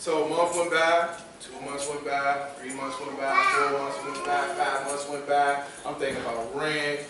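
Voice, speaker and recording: A young man giving a testimony sermon, talking casually and repeating phrases, building up to shouted preaching. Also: on the high side, level tone, moderate pace, a crowd in the background. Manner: conversational, repeats phrases for emphasis. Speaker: youth service speaker. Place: large church hall. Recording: echoey church hall from far off.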